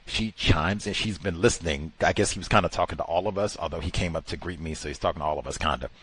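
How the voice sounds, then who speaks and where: A man's voice: deep voice, fast, a bit bright, slight background noise. A man hosting a talk show, telling a rambling, exasperated anecdote in casual chat. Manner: rambling, exasperated storytelling with many "like" fillers.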